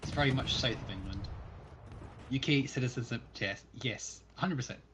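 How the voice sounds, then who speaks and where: A man's voice: mid-range voice, normal speed, noisy background. A Scottish man chatting casually as a fellow player on a gaming livestream, playfully opinionated. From Scotland.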